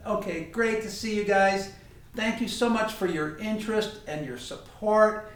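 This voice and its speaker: A man's voice: sits high, unhurried, a bit bright. A man teaching a tai chi class over video, chatty and correcting himself as he demonstrates moves in a training room. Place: training room with heavy bag. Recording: very echoey room, distant mic, faint hiss.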